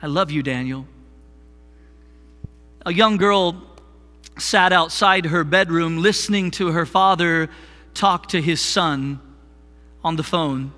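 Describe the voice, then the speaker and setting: A man preaching a sermon as worship pastor, slow and deliberate, leading the congregation in call-and-response. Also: high-pitched, bright, forceful tone, in a large hall. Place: church sanctuary.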